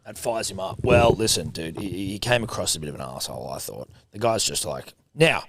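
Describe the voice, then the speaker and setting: Gravelly Australian man, chatty podcast host. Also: sits low, a little fast, noisy background. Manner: animated storytelling with mocking impressions, sweary. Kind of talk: casual chat.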